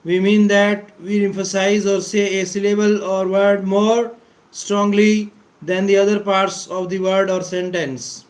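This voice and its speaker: A man giving a deliberate English pronunciation lesson, repeating key words for emphasis and clearing his throat often. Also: sits high, low-quality recording. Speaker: English teacher. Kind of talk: slow explanatory lecture.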